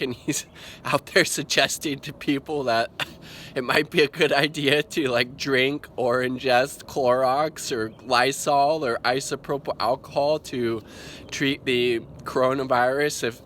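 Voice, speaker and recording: Exasperated man, bright-toned, profane rambling commentary. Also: mid-range voice, slight background noise. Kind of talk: ranting video commentary.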